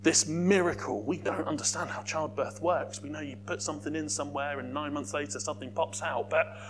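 A man delivers a sermon in a fairly high voice. He is lively and breaks off into joking asides to the people listening. A faint hum runs underneath. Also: brisk. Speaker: preacher and youth worker.

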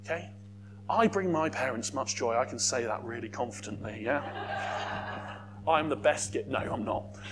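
A man preaching a sermon as a youth worker, lively, with joking asides to the congregation. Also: mid-range voice, a little slow, pauses often, noisy background.

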